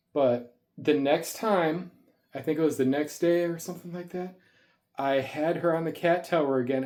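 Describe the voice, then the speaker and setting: A snake keeper vlogger tells stories in a casual vlog, rambling and chatty and a bit winded after the gym. He has a mid-range, darkish voice and is recorded indoors at home on a tripod-mounted camera.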